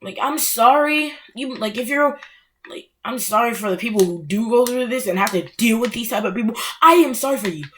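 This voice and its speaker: A woman's voice: fairly high pitch, lively intonation, fairly quick, slight background noise. Exasperated young woman ranting casually. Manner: exasperated, heavy on filler words. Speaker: anime ranter. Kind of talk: casual rant.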